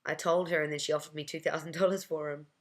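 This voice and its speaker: Storyteller, mid-pitched and gravelly, wry conversational anecdote. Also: fairly even intonation, quick pace, fairly bright tone. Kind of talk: personal storytelling.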